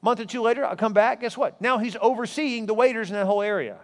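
A man preaching a sermon as pastor, telling stories in an animated way. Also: fast talker, in a large hall. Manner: animated storytelling, voice rising high in anecdotes.

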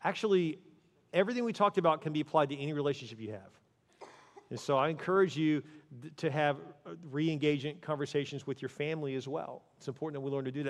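A man with a slightly higher voice preaches a casual, conversational sermon to his church. He often lowers his voice to a gentle hush when he plays out a spouse's words. The recording carries the long ring of a big hall. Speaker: pastor.

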